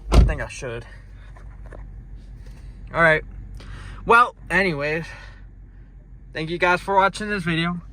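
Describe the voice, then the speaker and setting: A man's voice: on the high side, takes it slowly, long pauses, sharp tone, low-quality recording. A young man vlogging casually from behind the wheel, joking and rambling in slangy, profane chat. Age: young adult. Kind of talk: casual POV driving vlog chat. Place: inside a car while driving.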